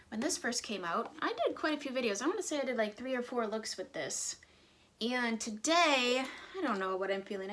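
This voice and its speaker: A woman's voice: a little high, background noise. A woman in her thirties chatting casually through a get-ready-with-me vlog, rambling and sometimes dropping to a whisper, filmed close on a phone at home. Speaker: beauty vlogger. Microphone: phone camera close up.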